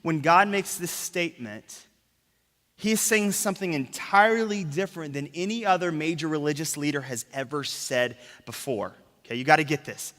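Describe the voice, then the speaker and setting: Male pastor, sermon; slightly high, bright voice; emphatic, hushes key words; church reverb. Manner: asks the crowd rhetorical questions. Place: church sanctuary. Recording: long reverb of a church hall.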